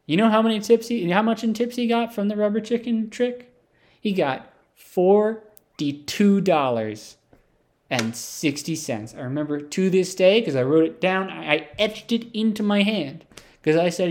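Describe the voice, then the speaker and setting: A man telling an absurd comic story in a rambling, deadpan way, full of asides and fillers. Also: sits high, normal speed. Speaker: comedic storyteller. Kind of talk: improvised comic monologue.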